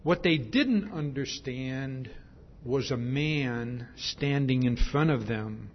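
A man's voice: mid-range voice, slow, slight background noise. A male preacher giving a sermon, emphatic and repetitive, stressing his points with a repeated "see?". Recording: dull lo-fi sermon recording.

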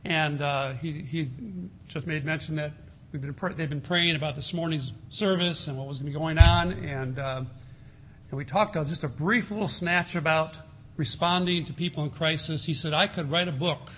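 Earnest preacher guy, bright voice, slows down and goes soft to make a point. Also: fairly high pitch, a little hiss or hum. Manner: earnest, slows and softens for emphasis. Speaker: pastor. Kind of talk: sermon.

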